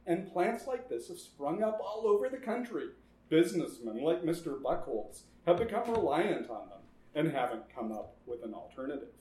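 A scheming mad doctor, put on by a man, who drags out his words with smug relish and cackles between them. The voice sits a little high and rings in an echoey room. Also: sing-song, mellow. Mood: impatient. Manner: slow, gloating, with mad laughter. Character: scheming male mad scientist, cackling, older.

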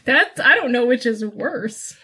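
A woman's voice: fairly high pitch, lively intonation, a little slow, sharp tone, slightly rough. A woman in her thirties co-hosting a casual podcast, wry and teasing, laughing often. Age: 30s. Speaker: podcast co-host. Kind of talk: casual chat.

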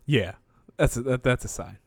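A man's voice: medium pitch, normal speed, gravelly, slightly rough, dry recording, studio quality. A man co-hosting a casual chat, chiming in with short replies and laughing often. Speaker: podcast co-host.

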